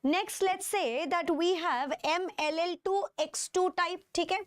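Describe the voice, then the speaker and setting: A woman's voice: very high-pitched, no echo, studio quality. A woman with an Indian English accent teaching chemistry in a live online class, stretching key terms and checking in with her students again and again. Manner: drawn-out stressed terms, constant check-ins with students.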